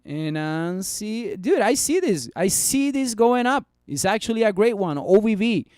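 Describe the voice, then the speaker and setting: A man with a high, smooth voice talks through stock charts in a loose, chatty way and banters with his viewers. The sound is close and dry. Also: big pitch swings, measured pace, darkish tone, no echo. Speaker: stock market streamer. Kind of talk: casual live stock analysis.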